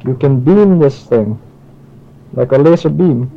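A man giving an informal spiritual lecture and taking questions, talking in a halting way with many restarts and fillers. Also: medium pitch, expressive, gravelly, dull audio. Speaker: spiritual teacher.

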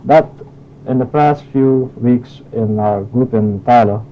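Halting man lecturing on tape. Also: mid-range voice, dull audio, soft background music. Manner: halting, with frequent restarts and fillers. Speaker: spiritual teacher. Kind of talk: informal lecture with audience questions.

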